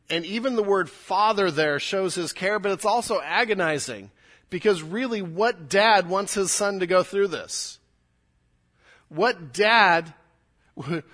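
A man preaching a sermon to a church congregation, his voice sitting a little higher than most men's. He speaks earnestly and with emphasis, and he often repeats a word or phrase as he builds toward a point. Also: takes it slowly, bright, forceful tone. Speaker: pastor.

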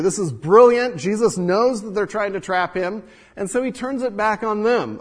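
Husky-voiced man preaching in a reverberant hall. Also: high voice, moderate pace. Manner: earnest teaching with rhetorical questions and asides to the congregation. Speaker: pastor. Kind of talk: sermon. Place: church hall with congregation.

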